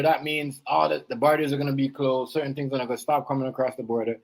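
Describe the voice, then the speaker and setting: A man hosting a live stream, rambling through casual reaction commentary and swinging between loud outbursts and quiet asides. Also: mid-range voice, little pitch movement, fast, gravelly, rough recording. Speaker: stream host. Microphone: live stream setup.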